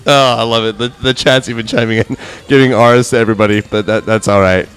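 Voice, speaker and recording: A man's voice: mid-range voice, steady tone, quick pace, fairly bright tone. A man hosting a studio interview live stream, upbeat and chatty, reading out viewer comments. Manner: upbeat, reads chat comments aloud. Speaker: host.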